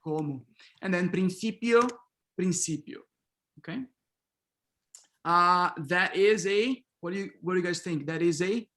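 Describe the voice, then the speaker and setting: A man's voice: high voice, a little slow, long pauses, fairly bright tone. A middle-aged man leading an online pronunciation workshop over a video call, calling on students and repeating words back with frequent affirmations. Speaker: workshop instructor.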